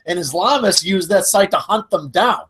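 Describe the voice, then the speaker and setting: A man co-hosting a casual discussion, blunt and animated, swearing freely. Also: high voice, moderate pace, husky. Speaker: podcast co-host.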